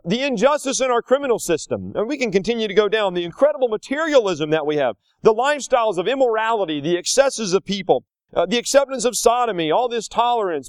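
A man preaching a sermon, his fairly high voice swooping up and down as he tells the story. He talks in a folksy, animated way and slips in little acted asides. The sound is close and dry, with no room around it. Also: no echo. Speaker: pastor.

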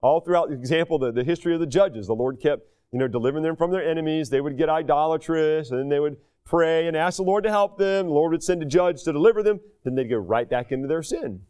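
High-voiced folksy American preacher. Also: male voice, fast, hardly any pauses, clean tone. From United States. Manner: folksy, animated, raises voice for quoted speech. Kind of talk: sermon.

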